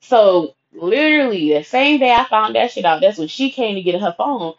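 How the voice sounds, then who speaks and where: A young woman tells a storytime in a blunt, profane, animated way. Her voice sits in a middle pitch. The recording has a dull, lo-fi tone. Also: moderate pace. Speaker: vlogger. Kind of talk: storytime monologue.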